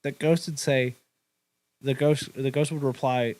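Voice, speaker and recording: A man's voice: mid-range voice, fairly even intonation, measured pace, darkish tone, dry recording, low-quality recording. Young guy telling a ghost story on a podcast, chill, swears a lot, lots of uhs. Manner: laid-back, swears a lot, hedges with "uh" and "like". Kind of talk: casual crude storytelling chat.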